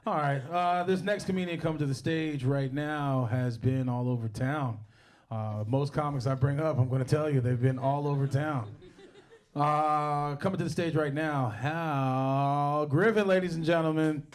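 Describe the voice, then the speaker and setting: A man hosting a comedy show on a club stage, loudly teasing the audience and introducing the next comic. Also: fairly high pitch, moderate pace, a little hiss or hum. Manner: loud, teasing crowd work. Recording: lively club crowd. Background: laughing audience.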